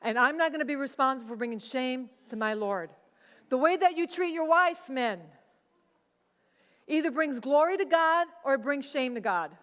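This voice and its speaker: A woman's voice: high voice, lively intonation, normal speed, a bit bright, long reverb tail. A woman pastor preaching a sermon in a conversational way, slipping into quoted voices.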